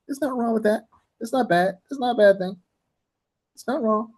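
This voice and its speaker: A man's voice: sits high, brisk, pauses often, a little mellow. A man teaching language-teaching methods in a blunt, emphatic lecture style, repeating his key points for stress. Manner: blunt and informal. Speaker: TESOL instructor.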